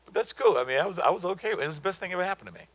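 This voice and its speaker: Speaking to an audience about business, this middle-aged guest speaker delivers a motivational talk full of stories and repeated punchlines. His voice sits high and sounds animated, racing, and a bit bright as he drives his points home in an emphatic, colloquial way. Recording quality is poor.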